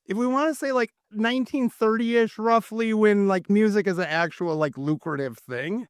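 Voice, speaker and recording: A man's voice: sits high, normal speed, hardly any pauses, clear, resonant tone, no echo, clean studio sound. A man hosting a podcast, enthusiastic and rambling, full of fillers. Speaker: podcast host, music booker. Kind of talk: podcast interview conversation.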